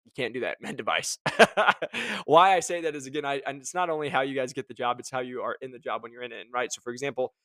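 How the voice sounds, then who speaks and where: A man hosting a casual motivational talk to his listeners, energetic and jokey, often acting out what other people say. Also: mid-range voice, very fast, hardly any pauses, dry recording, clean studio sound. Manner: energetic, jokey, acts out quoted voices. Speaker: host.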